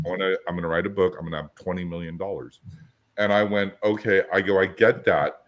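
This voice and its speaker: A man's voice: low voice, fairly even intonation, quick pace. A man who hosts a podcast, chatting casually about coaching and acting out both sides of his stories. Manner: storytelling, acts out both sides of dialogues. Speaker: business coach, podcast host.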